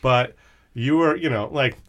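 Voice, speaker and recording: A man hosting a podcast, telling a story about an old friend in animated, casual chat, swearing and restarting often. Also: medium pitch, a little slow. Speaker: podcast host.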